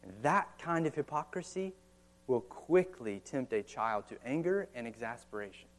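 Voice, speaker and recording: An American man in his thirties, a pastor, preaches a sermon in a church or meeting hall. His medium-pitched voice is expressive and moderately paced, and he keeps it conversational with frequent rhetorical questions and casual asides.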